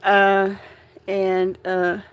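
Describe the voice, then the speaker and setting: A woman's voice: mid-range voice, completely flat delivery, extremely slow, smooth. A woman hosting a livestream from home into a phone, upset and tearful, rambling and breaking between shaky laughs and crying. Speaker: livestream host. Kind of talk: live-streamed chat to followers.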